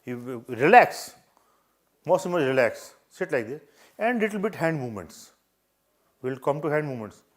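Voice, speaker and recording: A man's voice: fairly high pitch, big pitch swings, normal speed, pauses often. Older Indian man coaching interview manners. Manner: earnest, repetitive advice with demonstrations. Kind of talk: live coaching session.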